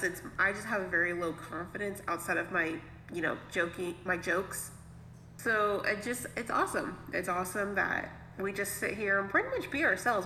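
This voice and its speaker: A woman's voice: medium pitch, sharp tone. A woman co-hosting a casual podcast chat, jokey and rambling, putting herself down. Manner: jokey, rambling, self-deprecating. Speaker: podcast co-host. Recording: echoey room, faint noise.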